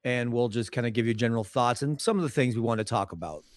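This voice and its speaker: A man's voice: mid-range voice, quick pace, no echo, clean studio sound. A man co-hosting a podcast, casual and joking, tossing in playful quips. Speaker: podcast co-host.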